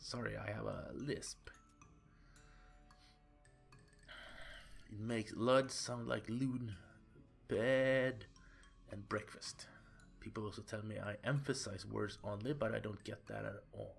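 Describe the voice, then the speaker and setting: A man's voice: fairly low pitch, steady tone, a little slow, vocal fry, soft background music. A Swedish-speaking man voicing a creepy, grinning male innkeeper from a butcher family, with a lisp and a sinister, half-whispered manner. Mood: creepy, hushed.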